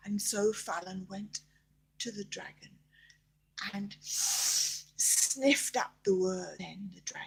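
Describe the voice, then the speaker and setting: Breathy grandmother whispering a bedtime story. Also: medium pitch, slow. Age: older. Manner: soft, often whispered, hesitant storytelling.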